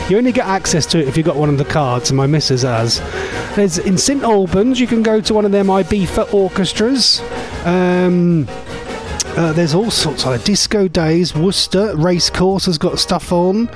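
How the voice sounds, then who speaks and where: Male local-radio presenter, chatty and rambling, fairly high, lively pitch. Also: moderate pace, over music. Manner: rambling, chatty, laughs often. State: voice going hoarse. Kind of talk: casual radio chat.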